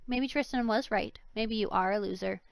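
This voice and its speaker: A woman's voice: moderate pace, creaky, clear, resonant tone, no room sound, lightly acted. Woman doing a defiant, pert young girl. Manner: defiant and pert, a bit higher.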